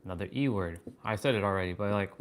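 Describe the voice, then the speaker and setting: Halting, marveling man thinking aloud. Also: on the low side, slight background noise. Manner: wondering aloud, halting, excited swearing. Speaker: fitness and wisdom livestream host. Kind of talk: live stream musing.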